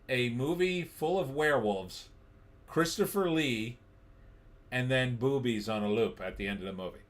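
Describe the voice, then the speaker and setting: A man's voice: mid-range voice, normal speed. A middle-aged man hosting a casual live stream, reading viewer comments aloud and riffing on them in a wry, offhand way.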